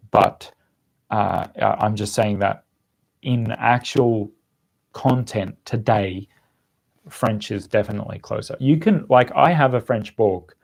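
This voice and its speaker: A man's voice: lowish voice, creaky, a little mellow. A young man hosting a casual live-stream chat, answering questions with lots of fillers and restarts. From Australia. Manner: rambling, many fillers and restarts. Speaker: language-learning channel host.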